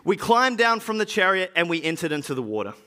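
A man's voice: high voice, big pitch swings, sharp tone, full character voice. A man playing an early Christian evangelist, telling his story in a dramatic first-person monologue for a church drama. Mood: earnest. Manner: earnest storytelling with slow, weighty pauses.

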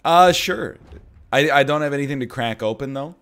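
A man in his thirties, co-hosting a casual stream chat over a voice call, excitable and quick to laugh. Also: medium pitch, clear, resonant tone. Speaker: streamer co-host.

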